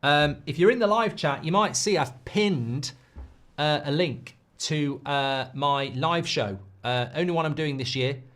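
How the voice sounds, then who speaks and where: A man's voice: a little high, a little slow, fairly bright tone. A man hosting a live football watchalong, chatting casually and reading out viewer messages between comments on the match. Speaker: football livestream host.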